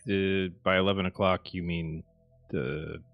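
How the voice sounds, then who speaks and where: A man's voice: sits low, measured pace, creaky, dull audio, faint music behind. A man playing in a tabletop game, chatting casually and asking clarifying questions. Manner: relaxed, asks clarifying questions. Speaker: player. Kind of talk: casual chat.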